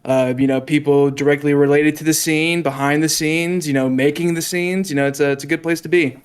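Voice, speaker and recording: A man's voice: on the high side, fairly even intonation, a little fast, smooth. A young man raised in the South, chatting on a podcast as a guest, rambling with many restarts. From American South. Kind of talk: casual chat.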